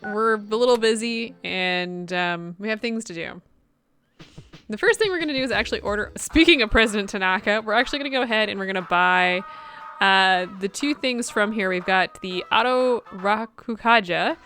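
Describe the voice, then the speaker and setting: Woman let's-play host, bright voice, casual self-correcting chat. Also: mid-range voice, normal speed, soft background music. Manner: chatty, self-correcting, laughs often. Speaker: gaming channel host.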